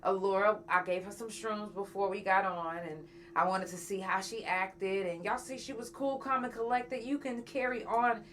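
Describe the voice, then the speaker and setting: A woman's voice: medium pitch, level tone, moderate pace, few pauses, fairly bright tone, a little hiss or hum. A woman, a podcast host and singer, chatting casually and candidly with her live viewers, swearing freely.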